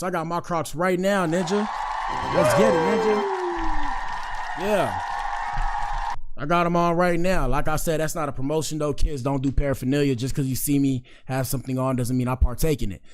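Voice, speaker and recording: Laid-back young man hosting casual commentary. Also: a little high. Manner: laid-back, repetitive slang, says "bro" a lot. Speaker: commentary show host.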